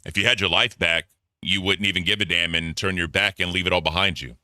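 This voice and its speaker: A man with a low but piercingly bright voice, recorded close and dry. He gives casual commentary in a blunt, profane way, flaring into animated rants. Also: fast, dry recording. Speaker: commentary host.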